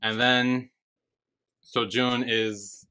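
Male podcast co-host, bright tone, animated and profane, casual recap. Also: very slow, smooth. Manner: animated, swears freely, acts out characters' lines. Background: squeaky chair.

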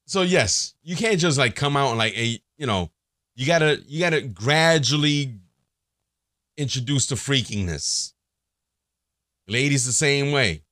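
A man talks alone on his podcast, crude and joking, tumbling from one thought to the next with plenty of fillers. His pitch leaps around animatedly. The sound is dry, with no room echo. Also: animated, unhurried, long pauses, a bit bright. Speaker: podcast host. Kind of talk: casual solo podcast monologue.

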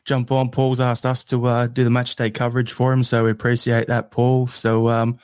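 A man's voice: medium pitch, smooth, dry recording. A man from Australia hosting a football podcast, chatting casually with many fillers over an online call. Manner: relaxed, halting with fillers. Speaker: podcast host.

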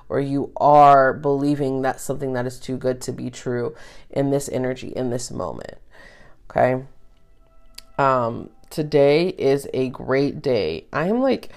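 A woman's voice: extremely low pitch, vocal fry, a little mellow. A woman hosting a tarot podcast, talking about astrology in a casual, rambling way, full of fillers and the odd swear word. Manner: rambling, chatty, drops swear words, many fillers.

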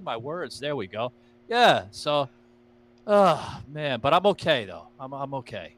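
A man hosting a podcast with a bright, forceful voice that sits a little high. He tells stories in a loose, rambling way, peppered with fillers and swearing. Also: expressive, brisk. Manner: rambling, profane storytelling with many fillers. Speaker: podcast host. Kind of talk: casual podcast chat.

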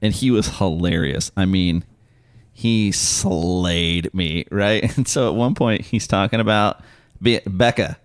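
A man with a lowish voice hosting a podcast, joking and teasing his co-host in animated casual banter. The sound is close and dry with no room around it. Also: slow pace, clear, resonant tone, no room sound. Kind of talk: casual chat.

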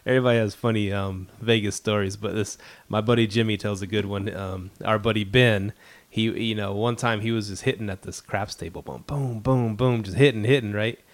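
A man's voice: fairly low pitch, steady tone, fairly quick. Laid-back man telling stories. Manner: laid-back storyteller, laughs often. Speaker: podcast co-host. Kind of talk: casual chat.

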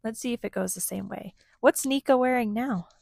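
A woman's voice: fairly high pitch, fairly quick, creaky, a little mellow, dry recording. A woman reading a storybook aloud to her children, stopping often to ask them questions. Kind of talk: interactive read-aloud to children.

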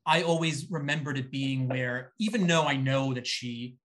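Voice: medium pitch, moderate pace, fairly bright tone. A podcast host asking rambling, restarting questions in a casual interview.

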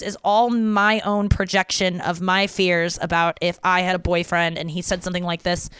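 A young woman hosts a solo podcast in a low, level voice that's a little slow, fairly bright and smooth, recorded cleanly in a studio with no room sound. She reads out listener messages candidly, using fillers and swearing often.

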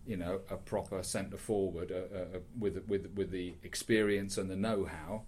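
Low-voiced man hosting a football chat. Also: fairly even intonation, moderate pace, a little mellow, a little hiss or hum. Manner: rambling, many fillers and restarts. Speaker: podcast host.

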